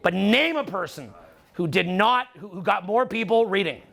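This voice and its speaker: A man's voice: sits high, lively intonation, normal speed, gravelly, fairly bright tone. A middle-aged Canadian man with a Canadian accent giving a live seminar talk, profane and teasing. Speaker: seminar speaker.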